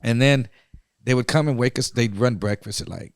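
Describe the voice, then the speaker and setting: A man co-hosting a podcast, telling a story in a casual, profane and animated way. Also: medium pitch, moderate pace, dry recording, studio quality. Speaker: podcast co-host.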